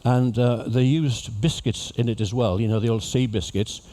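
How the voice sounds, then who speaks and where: Guy doing an after-dinner talk on a cruise, warm easygoing voice, cracks jokes. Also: medium pitch, fairly even intonation, moderate pace. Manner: jokey, chatty storyteller addressing an audience. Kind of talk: humorous illustrated talk. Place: ship lecture venue.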